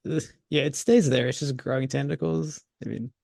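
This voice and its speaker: A man narrating a tabletop horror game as game master, in a relaxed manner, chuckling between descriptions. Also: medium pitch, moderate pace, gravelly, dry recording, studio quality.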